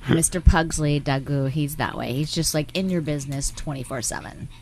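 A woman co-hosting a casual radio talk show, an animated storyteller who laughs easily. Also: sits low, normal speed, slight background noise. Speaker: radio co-host. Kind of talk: casual on-air radio chat.

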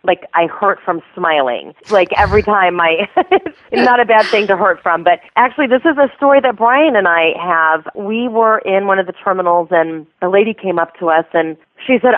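A woman's voice: fairly low pitch, normal speed, few pauses, no room sound. Bubbly woman on a phone line. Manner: bubbly, laughs often, enthusiastic. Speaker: airport therapy dog program coordinator. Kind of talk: phone interview storytelling. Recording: tinny phone line, dry.

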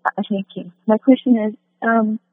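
A woman calling in to a radio show, hesitant and halting with many fillers. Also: mid-range voice, steady tone, no room sound. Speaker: caller. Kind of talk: call-in question. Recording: tinny phone line.

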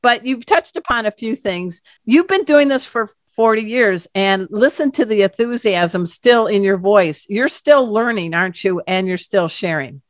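Woman interview host, mid-pitched voice, dry close recording, encouraging and quick to laugh. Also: expressive, no echo. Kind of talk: interview chat.

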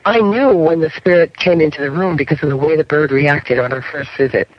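A man's voice: on the high side, a little fast. A middle-aged man, a paranormal investigator, tells stories as a guest on a radio talk show and keeps checking in with the listener. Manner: storytelling, keeps checking in with "okay?". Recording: muffled radio broadcast.

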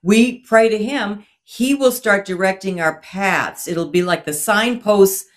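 A woman's voice: mid-range voice, unhurried. A woman, a guest author, talking in a reflective, faith-centered way in casual conversation. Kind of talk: casual chat.

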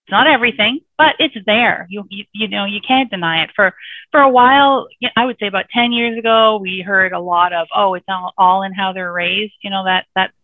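A woman guest and dog book author telling animated, rambling stories with many fillers. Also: medium pitch, brisk, dry recording. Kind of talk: casual storytelling interview. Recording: tinny phone line, dry.

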